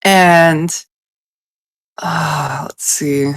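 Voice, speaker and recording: A woman's voice: low-pitched, fairly even intonation, extremely slow, no echo, studio quality. A woman playing a tabletop game, hesitant and thinking aloud as she decides her turn. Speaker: player. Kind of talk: casual play at a tabletop game.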